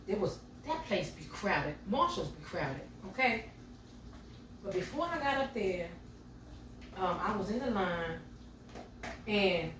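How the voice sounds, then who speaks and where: A woman's voice: medium pitch, slight background noise. A middle-aged woman telling a story to her viewers in a casual, chatty way while she cooks at home. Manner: chatty, talks straight to viewers as y'all. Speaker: home cooking vlogger. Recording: roomy sound from a distance.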